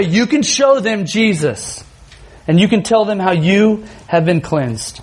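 A man in his thirties preaching a sermon to students, earnest, moving between emphatic stretches and soft, tender storytelling. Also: high voice, expressive, unhurried. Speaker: youth pastor.

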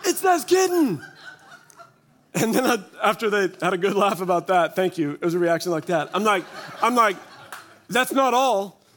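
A man's voice: high-pitched, expressive, normal speed, fairly bright tone. A man in his forties giving a humorous, self-deprecating testimony talk at a church gathering, telling stories with quoted asides. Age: 40s. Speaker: church speaker. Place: church gathering before an audience.

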